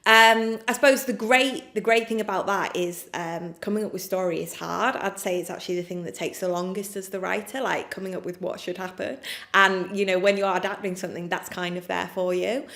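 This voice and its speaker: A woman's voice: mid-range voice, steady tone, a little fast, vocal fry, a bit bright. A woman playwright with an English accent, answering interview questions frankly and chattily, with many fillers. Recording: echoey room.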